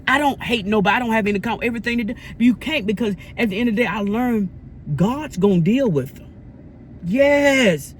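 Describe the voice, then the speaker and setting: A man talks to his viewers in an earnest, sermon-like cadence, repeating his points. His voice sits fairly high. Faint background noise runs under the recording. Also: quick pace. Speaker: vlogger. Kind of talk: casual preachy vlog talk.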